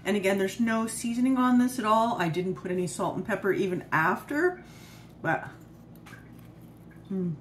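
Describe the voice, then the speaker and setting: A woman's voice: mid-range voice, fairly quick. Woman chatting thru her home cooking vlog, eats on cam, talks w her mouth full, bit of faint kitchen hum. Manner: chatty, self-praising, eats on camera while talking. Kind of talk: casual cooking and eating vlog.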